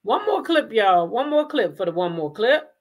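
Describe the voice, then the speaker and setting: A woman's voice: on the high side, sing-song, normal speed. Emphatic woman host firing rhetorical questions. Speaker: commentary host. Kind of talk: casual drama commentary.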